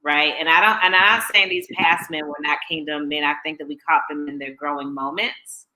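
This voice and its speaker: A woman, a co-author and co-host, chats casually about faith and dating, explaining ideas reflectively and laughing often. Her voice is low-pitched, fairly even, a little fast, bright and forceful, though the audio quality is poor.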